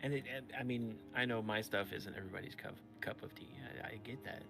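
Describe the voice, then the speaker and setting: A man's voice: fairly low pitch, fast, vocal fry, a bit bright. A male voice actor chatting as a guest, easygoing and agreeable, with plenty of fillers. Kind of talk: casual video chat. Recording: voice with music playing behind. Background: music.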